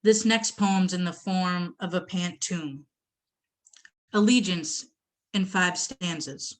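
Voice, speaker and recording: A woman from Boston giving a poetry reading, slow, measured and deliberate. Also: on the low side. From Boston, United States. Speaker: poet.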